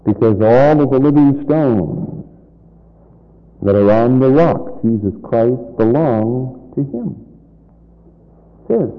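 A man preaching a sermon, stressing key words by drawing them out slowly and asking his congregation questions. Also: medium pitch, expressive. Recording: muffled recording in a reverberant hall.

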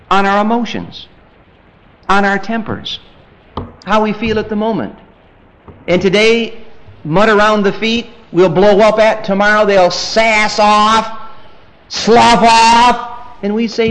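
A man preaching a sermon in an animated way, acting out family scenes and swinging from loud bursts to quiet, low asides. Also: unhurried, long pauses, low-quality recording. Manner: animated, acts out family scenes in quoted voices.

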